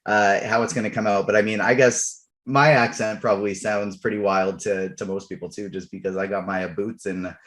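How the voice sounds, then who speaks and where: A man's voice: lowish voice, fairly even intonation, normal speed, a bit bright. A man from Canada hosting a casual podcast roundtable and passing the questions to his panel. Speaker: podcast host.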